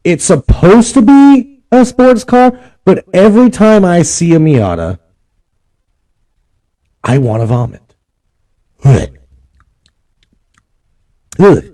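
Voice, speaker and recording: A man's voice: high voice, big pitch swings, takes it slowly, pauses often, mellow. A young man, ranting and cussing in a casual vlog. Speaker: vlog host. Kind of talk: casual profane rant.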